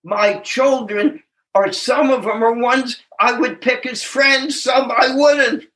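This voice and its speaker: A man's voice: very high voice, fairly even intonation, takes it slowly, a bit bright, slight background noise. An older man in his seventies giving a reflective, earnest personal recovery testimony, chuckling at himself and stressing key words. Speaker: speaker sharing at a recovery meeting.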